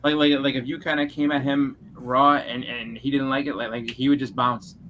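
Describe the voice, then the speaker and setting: A man's voice: mid-range voice, little pitch movement, normal speed, pushed and bright, slight background noise, low-quality recording. A man telling a story in loose, rambling group chat, full of filler words and restarts.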